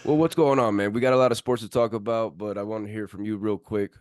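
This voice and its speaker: A man's voice: lowish voice, fairly even intonation, fast talker, darkish tone, no echo, studio quality. A man hosting a sports podcast, chatting in laid-back, friendly banter. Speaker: podcast host. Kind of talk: casual chat.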